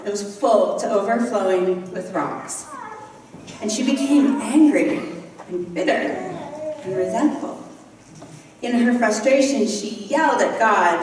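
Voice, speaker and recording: A woman giving a sermon, telling a story in a gentle, unhurried way with touches of light humor. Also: on the high side, slight background noise. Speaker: guest speaker. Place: large church hall. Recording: echoey hall, voice from far off.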